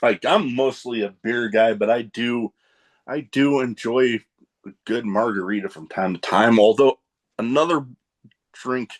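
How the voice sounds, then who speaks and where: A man's voice: medium pitch, unhurried. A man hosting a podcast, asking questions in a loose, joking way and drifting into tangents. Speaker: podcast host. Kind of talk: casual interview chat.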